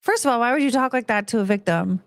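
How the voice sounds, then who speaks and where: A woman's voice: fairly high pitch, quick pace, dry recording, studio quality. A woman hosting a reaction video, commenting in an exasperated, incredulous way.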